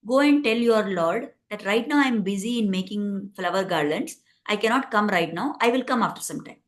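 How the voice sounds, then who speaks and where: Woman telling it as a calm devoted saint guy, firm, not budging. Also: mid-range voice, normal speed, lightly acted. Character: male saint, calm, devoted to his guru.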